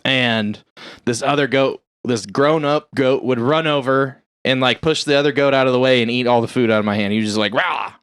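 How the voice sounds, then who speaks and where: A man's voice: medium pitch, a little fast, fairly bright tone, clean tone, dry recording, clean studio sound. Man telling a rambling story on a podcast. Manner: rambling storyteller, laughs at his own jokes. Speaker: podcast host. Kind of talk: casual chat.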